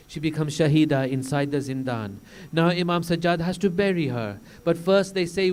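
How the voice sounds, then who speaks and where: Male preacher with a high, clean voice. Solemn mourning storytelling that swells into impassioned cries. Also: moderate pace, darkish tone. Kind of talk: sermon.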